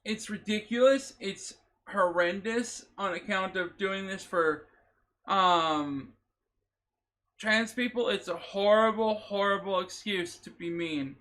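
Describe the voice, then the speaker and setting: A man's voice: sits high, slow pace, pushed and bright. A man giving emotional, emphatic vlog commentary, repeating himself and swearing as he talks. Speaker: vlogger. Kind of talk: impassioned reaction commentary.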